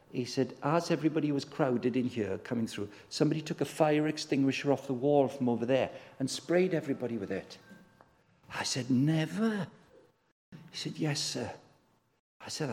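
A man's voice: mid-range voice, creaky, a little mellow. A man preaching a sermon, telling stories and acting out the voices in the dialogue. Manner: storytelling, acts out voices in dialogue. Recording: long hall reverb.

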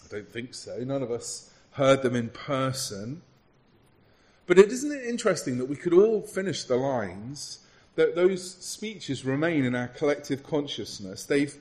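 A man preaches a sermon in an earnest, conversational way, often restarting his phrases. His voice is mid-range with a darkish tone.

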